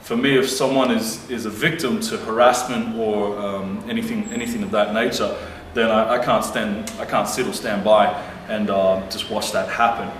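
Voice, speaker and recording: A man tells a story straight to camera in a blunt, profane, heated way. His voice sits in a middle range. The room is echoey, the mic is a little distant, and there is a faint hiss. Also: mid-range voice. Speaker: vlogger. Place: lives abroad.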